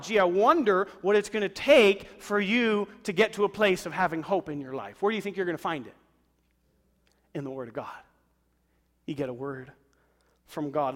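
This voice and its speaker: A man preaching a sermon, swinging between loud emphatic lines and soft, low asides. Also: long reverb tail. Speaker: pastor.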